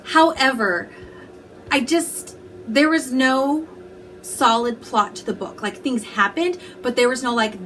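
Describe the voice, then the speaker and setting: High-voiced animated woman reviewing books. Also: moderate pace. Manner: animated, opinionated, with frequent asides and mock quotes. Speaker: book reviewer. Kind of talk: casual book review vlog.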